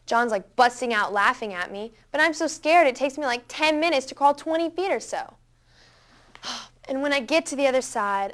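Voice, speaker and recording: A woman tells a story as a scripted first-person monologue, chatty and dramatic, with a slightly high voice. She leans on casual fillers. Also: fairly bright tone.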